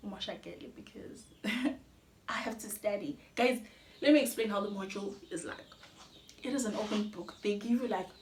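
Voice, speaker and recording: Young South African woman, Xhosa-speaking accent, chatty confessional vlogger, roomy echo, faint hiss. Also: medium pitch. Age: young adult. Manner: candid, chatty, mixes in Xhosa phrases, laughs between sentences. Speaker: YouTuber. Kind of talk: personal storytelling vlog.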